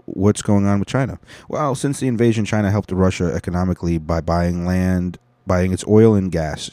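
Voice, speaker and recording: Man, low pitch, sarcastic, profane, reading news aloud with jokes, dry close mic. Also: dark tone, dry recording. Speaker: commentator reacting to a news article. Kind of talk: casual profane commentary.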